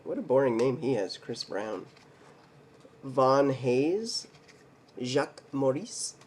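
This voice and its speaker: A man hosting a card collecting video, slowly reading names off cards, stumbling over some and making little jokes to himself. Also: medium pitch, warm tone, breathy edge. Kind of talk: casual mail day card showcase.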